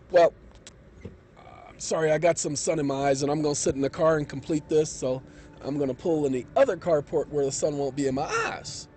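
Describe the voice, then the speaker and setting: A man's voice: a little high, a little mellow, a little hiss or hum. A man vlogging from his car, telling a rambling story in an indignant, boastful way. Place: in his car, parked in a driveway. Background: car radio song playing.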